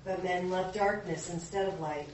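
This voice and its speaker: A woman volunteering to read scripture aloud, steady and careful, recorded from a distance in a church hall. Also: lowish voice, normal speed, a little hiss or hum. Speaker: volunteer Bible reader. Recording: echoey hall from far off.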